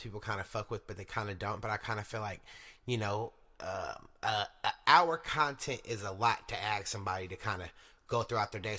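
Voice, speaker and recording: A man's voice: fairly low pitch, pushed and bright. A young man from Sacramento hosting his own podcast, talking to listeners in a loose, profane, slang-heavy monologue. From Sacramento, California. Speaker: podcast host.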